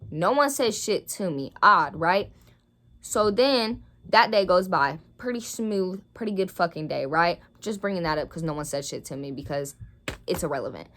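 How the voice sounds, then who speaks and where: A young woman with a slightly low voice rants to camera in a storytime vlog. She is indignant and swears constantly as she tells the story, heated and blunt throughout. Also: lively intonation, normal speed, fairly bright tone. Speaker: vlogger.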